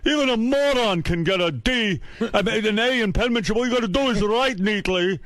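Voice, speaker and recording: A man's voice: sits high, a bit bright, pitched above the performer's own voice. A man imitating his older immigrant father, who speaks with a faint Eastern European accent, over-enunciates his words and scolds. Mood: scolding. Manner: scolding, slow and over-precise.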